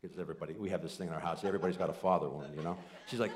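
A man in his forties preaching a sermon, telling family stories with quoted voices and swinging from loud excited bursts to soft, near-whispered lines. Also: sits low, very fast, hardly any pauses. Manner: animated storytelling with quoted voices and asides. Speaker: pastor.

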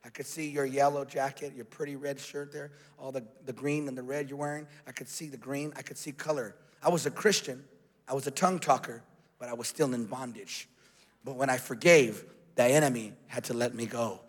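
A man, a pastor, preaching a sermon and telling a personal story, moving from hushed passages to shouted exhortation. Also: mid-range voice, fairly even intonation, fairly quick, a little hiss or hum. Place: large church hall. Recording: long hall reverb.

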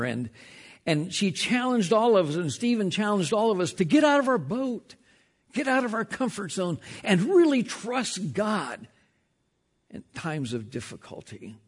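Delivering a sermon, this male pastor speaks with emphasis, repeatedly easing his pace and lowering to a hush for important lines, with many repeated words as he restarts. His pitch is fairly high.

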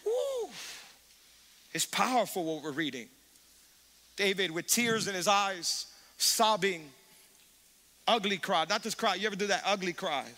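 A man pastor preaching a sermon, animated, calling on the congregation to respond. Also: high-pitched, moderate pace, long pauses. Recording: reverberant church hall.

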